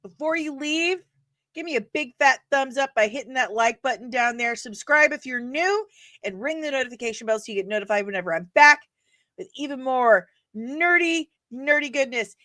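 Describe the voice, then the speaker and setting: A woman hosting a casual live stream, chatting playfully with sudden bursts of loud energy. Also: sits high, lively intonation, moderate pace, no echo, studio quality.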